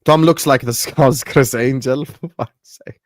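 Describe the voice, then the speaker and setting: Male host, mid pitch, teasing, reads chat comments, dry mic. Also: steady tone, unhurried, no echo. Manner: teasing, swears freely. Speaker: host of a football podcast. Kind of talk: casual banter, reading out viewer comments.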